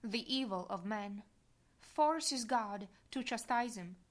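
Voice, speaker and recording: A woman reading aloud a devotional diary in a solemn, measured manner. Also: fairly high pitch, animated. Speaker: reader.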